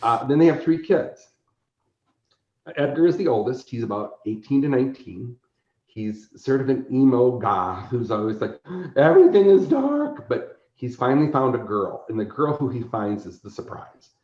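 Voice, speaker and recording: Animated storytelling man, roomy sound. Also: medium pitch, moderate pace. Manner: animated storyteller who acts out characters. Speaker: convention organizer and guest. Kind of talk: casual podcast interview. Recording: roomy, slightly dull recording.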